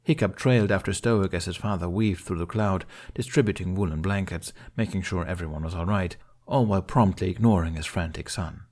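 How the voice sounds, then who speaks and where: Male narrator for a fan fiction audiobook, low-pitched, steady delivery. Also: brisk, few pauses. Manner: steady, storytelling.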